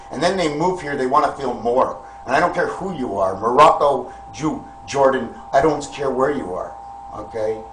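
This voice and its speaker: A man's voice: on the high side, slight background noise, poor audio. A man delivering a rambling spiritual monologue to camera, preachy and full of rhetorical questions, calling his listeners friends. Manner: wandering, addresses listeners as friends. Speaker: vlogger.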